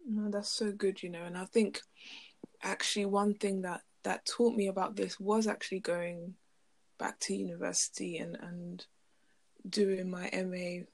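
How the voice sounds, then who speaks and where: A woman's voice: medium pitch, flat delivery, a little slow, creaky. A woman co-hosting a casual faith discussion, affirming her partner and laughing lightly as she shares her own story. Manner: warm affirming listener, laughs while talking. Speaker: podcast co-host.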